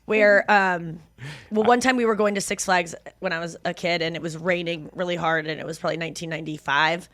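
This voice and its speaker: A woman's voice: fairly low pitch, a little fast. A woman in her thirties hosting a podcast, telling stories in casual chat and laughing often. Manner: animated storytelling, laughs often. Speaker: podcast host.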